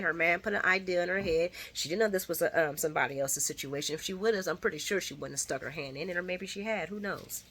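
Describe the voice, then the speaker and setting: A woman gives a casual, opinionated soap opera recap, chatting in slang and acting out the characters' lines with big leaps in pitch. Her voice sounds pushed and bright.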